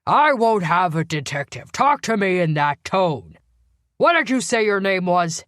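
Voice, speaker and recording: A woman narrator voicing a gruff, irritable older male police commander in an audiobook, speaking curtly and defensively. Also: low voice, expressive, normal speed, no room sound, clean studio sound. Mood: angry. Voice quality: gruff, growling. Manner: defensive, curt, raises voice. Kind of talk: audiobook character voice.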